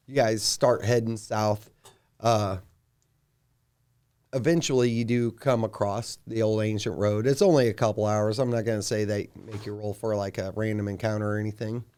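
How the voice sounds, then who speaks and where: A man's voice: fairly low pitch, fairly even intonation, normal speed, long pauses, warm tone, smooth. Man, game master, easygoing narration with lots of fillers. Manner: casual, filler-heavy. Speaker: dungeon master.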